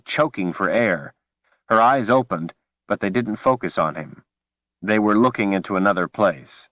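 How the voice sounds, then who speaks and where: A man narrating a fantasy audiobook with a measured, dramatic delivery. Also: fairly low pitch, animated, fairly bright tone, no echo, lo-fi sound.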